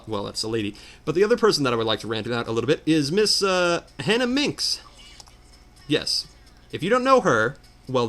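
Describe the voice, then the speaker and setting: A man's voice: medium pitch, a bit bright. A man ranting in exasperated commentary while playing a video game. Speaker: let's player. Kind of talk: ranting commentary over gameplay.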